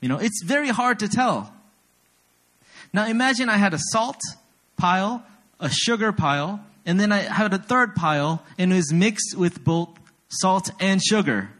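Animated young man preaching with lively pitch. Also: moderate pace. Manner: animated storyteller, self-deprecating, asks the audience often. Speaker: pastor. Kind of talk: sermon.

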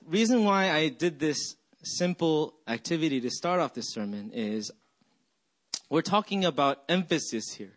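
A man preaching a sermon, leading his congregation in a group exercise and then praying softly. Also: on the high side. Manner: leads the congregation in call-and-response, then prays softly. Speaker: pastor. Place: church hall.

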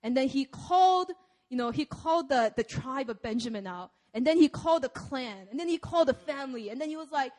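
A woman's voice: high-pitched, animated, fairly quick, darkish tone. A young woman preaching a sermon in a casual, conversational way, laughing often.

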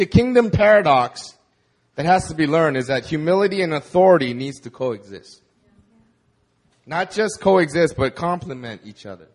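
Animated, casual young-sounding preacher man. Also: fairly high pitch. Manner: conversational and animated, with casual fillers. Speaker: pastor. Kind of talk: sermon.

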